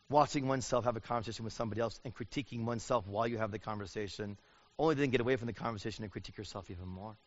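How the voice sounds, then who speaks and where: A middle-aged man preaching a sermon in an animated way, acting out the voices he quotes. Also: medium pitch. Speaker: pastor. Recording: dull lo-fi sound.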